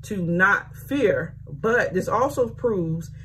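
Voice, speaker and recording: A woman's voice: medium pitch, lively intonation, takes it slowly, a bit bright, slight background noise. A woman casually reading scripture aloud and adding chatty commentary. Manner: chatty, conversational asides and fillers. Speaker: Bible reading host.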